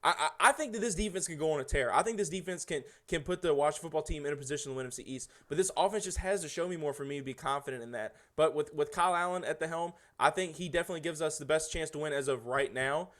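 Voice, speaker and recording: A man's voice: on the high side, racing, hardly any pauses, a bit bright. A man guesting on a casual sports podcast, often restarting his sentences with repeated words.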